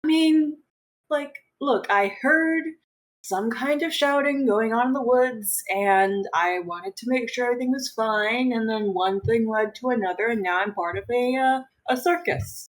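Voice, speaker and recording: A woman's voice: on the high side, measured pace, close to an everyday voice, low-quality recording. A woman playing an earnest young man, a new clown recruit, who talks in a caring, slightly sheepish way. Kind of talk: tabletop game role-play.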